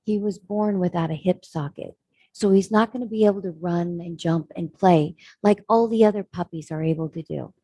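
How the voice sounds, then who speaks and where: A woman voicing a kindly, middle-aged male shop owner who speaks gently and matter-of-factly. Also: on the low side, normal speed, dry recording. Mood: gentle.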